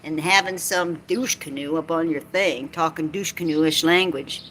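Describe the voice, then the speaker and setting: A woman vlogger with a low-pitched, slightly bright voice and a Southern US accent chats at normal speed on a livestream outdoors by a lake, with slight background noise. Her casual, rambling talk is joking, folksy and a bit salty.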